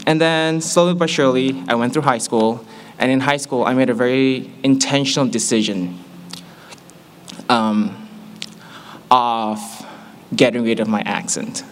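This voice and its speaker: A man's voice: medium pitch, unhurried, pauses often, a little hiss or hum. A young man from Malaysia with an American accent, telling his personal story in a candid, self-mocking way. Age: young adult. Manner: candid, self-mocking, animated when quoting himself. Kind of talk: personal testimony talk.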